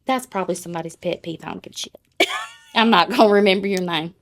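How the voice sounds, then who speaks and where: A woman's voice: fairly low pitch, fast talker, a bit bright. Sassy woman, profane and blunt. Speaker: podcast co-host. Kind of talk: casual chat.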